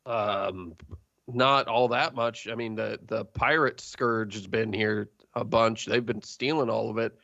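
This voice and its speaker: A man narrating a tabletop game as game master, halting with many fillers. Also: lowish voice, fairly even intonation, creaky, sharp tone, dry recording. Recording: dull lo-fi stream audio.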